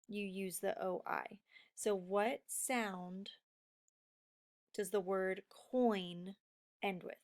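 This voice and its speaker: A woman teaching a recorded phonics lesson, explaining slowly and patiently to young students. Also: mid-range voice.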